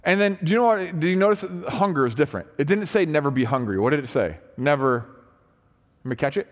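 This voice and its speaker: A man's voice: high voice, expressive, rapid-fire. A man preaching a sermon as pastor, retelling a story in casual, conversational terms with frequent restarts. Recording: long hall reverb.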